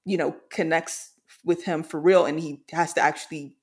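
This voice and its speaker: Halting, emotional podcast co-host. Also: medium pitch, steady tone, slightly rough. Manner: halting, filler-heavy, emotional. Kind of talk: casual discussion of a TV series.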